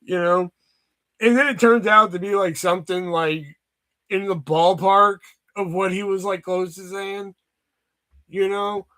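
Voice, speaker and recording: Slow-talking young man, rambling and profane. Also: high voice, steady tone, fairly bright tone. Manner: rambling, profane, full of fillers. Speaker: vlogger. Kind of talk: casual storytelling.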